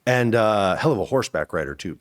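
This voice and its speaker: Speaking a little fast and with plenty of expression, this forty-something actor shares stories as an interview guest. His delivery stays casual, though quoted dialogue sends his voice shooting up in sudden bursts.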